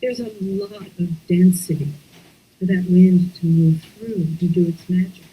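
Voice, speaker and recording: Slow, soft-spoken woman guiding breathwork. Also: fairly low pitch, steady tone, husky, narrow, tinny audio. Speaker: breathwork teacher. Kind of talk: guided breathing lesson. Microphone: online class, computer mic.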